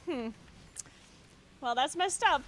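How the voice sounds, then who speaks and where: Speaking slowly in a high, animated and fairly bright voice, she keeps up casual livestream chat into her streaming mic. She's giggly, bursts into laughter frequently, swears without restraint and talks in loose restarts, with a little hiss or hum in the background.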